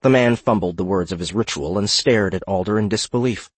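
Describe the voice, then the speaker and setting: A man narrating a fantasy audiobook in a steady, measured reading. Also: on the low side, husky, no room sound.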